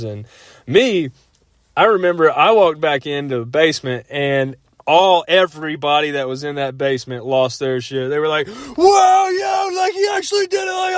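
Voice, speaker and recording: A man's voice: medium pitch, dry recording, clean studio sound. A man in his thirties casually telling a rambling personal story, full of fillers and frequent laughs.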